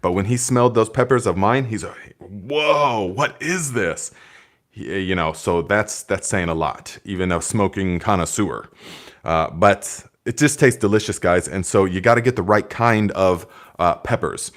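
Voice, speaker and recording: Low-voiced man reading live chat. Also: normal speed. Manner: relaxed, chatty, with many fillers and restarts. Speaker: gardening channel host. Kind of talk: live stream chat reading viewer comments.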